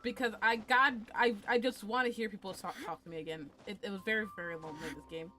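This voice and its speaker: Bright-voiced, foul-mouthed woman gaming streamer. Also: medium pitch, quick pace, soft background music. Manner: chatty, crude, playful, talks to herself. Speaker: game streamer. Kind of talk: casual gaming commentary.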